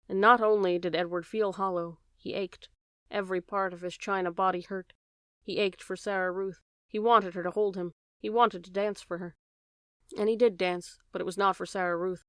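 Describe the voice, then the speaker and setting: Woman audiobook reader, storybook narration, smooth clear voice, close dry mic. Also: mid-range voice, no room sound. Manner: steady, gentle reading with shifting voices.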